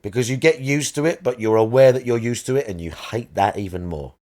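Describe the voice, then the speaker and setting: A man's voice: medium pitch, fairly quick, dark tone. A man streaming a game live, chatting casually and rambling as he searches aloud for the right words. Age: adult parent.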